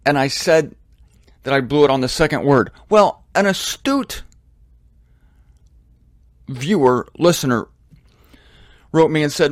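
A man hosting a religious talk series, speaking in a rambling, animated, self-deprecating monologue from his home studio into a microphone. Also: mid-range voice, a little slow, long pauses, no room sound. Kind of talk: casual monologue.

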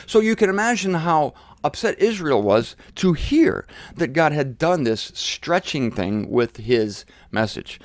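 A man's voice: medium pitch, no echo, clean studio sound. Emphatic man preaching with blunt repetition. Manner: forceful, repeats phrases for emphasis, blunt and provocative. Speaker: host of a daily Bible teaching show. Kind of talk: emphatic Bible teaching monologue.

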